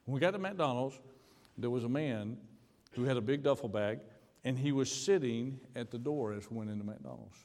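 American preacher in a reverberant hall. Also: male voice, mid-range voice, normal speed, a little mellow. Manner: storytelling, repeats words, stammers on restarts. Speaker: pastor. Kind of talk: sermon with personal story. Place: church sanctuary.

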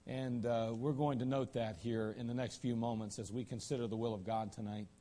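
A man preaching a sermon as pastor, folksy, with joking asides and frequent throat clearing. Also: medium pitch, steady tone, brisk, warm tone.

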